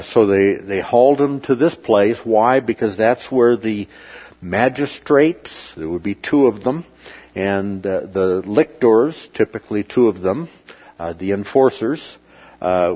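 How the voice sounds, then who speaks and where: A man teaching a Bible lesson over slides, pausing often and filling the gaps with filler sounds. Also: on the low side, highs cut off. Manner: halting, many filler sounds between phrases.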